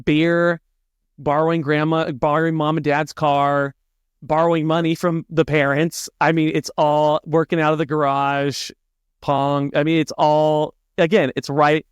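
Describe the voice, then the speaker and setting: A man with a slightly higher pitch and a smooth, clear voice chats as a podcast co-host. He reacts eagerly and laughs easily. The sound is dry and close-miked. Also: flat delivery, a little slow, dry recording, muffled recording. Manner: enthusiastic, often laughing. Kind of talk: casual conversation.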